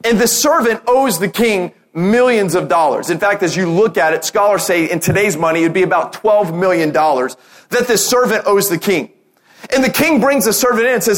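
A man preaching a sermon as pastor, telling a parable with lively acted-out quotes and rallying calls. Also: high-pitched, a little fast. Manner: animated storytelling, acting out quotes.

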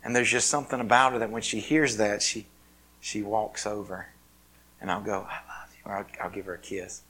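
Lower-voiced man preaching casually. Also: fairly even intonation, fairly quick, breathy edge, rough recording. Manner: casual, filler-heavy delivery with many restarts; swings between loud emphatic peaks and quiet, hushed asides. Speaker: pastor. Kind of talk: conversational sermon.

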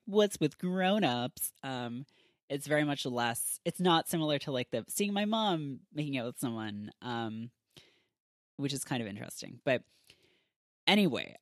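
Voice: medium pitch, no echo, clean studio sound. A podcast host giving a casual, chatty episode recap, full of filler words.

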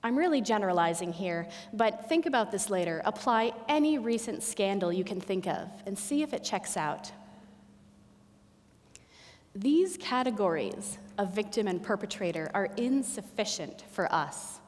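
A woman preaching a sermon in a church. She speaks in slow, deliberate phrases with emphatic pauses. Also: medium pitch, expressive, long reverb tail. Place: church sanctuary. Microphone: pulpit microphone with feedback.

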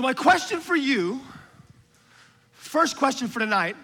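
A man preaching a sermon, moving from hushed, whispered asides to loud, shouted exhortation, with casual slang and laughter. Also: extremely high pitch, very animated, unhurried. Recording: long hall reverb from a large room.

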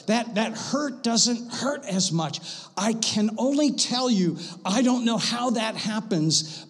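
High-voiced man preaching in a reverberant hall. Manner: impassioned preaching, swings from loud to hushed. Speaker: pastor. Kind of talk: sermon. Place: church sanctuary.

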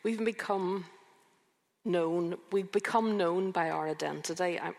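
A woman in her fifties preaching a sermon, reflective and emphatic, with slow rhetorical questions. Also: on the low side, steady tone, gravelly, darkish tone, in a large hall. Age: 50s. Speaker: preacher and youth counsellor.

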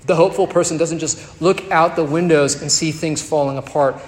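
A male pastor preaching a sermon, moving between soft tender passages and emphatic rising peaks. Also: fairly high pitch, steady tone, a little fast. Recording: echoey hall with faint ambience.

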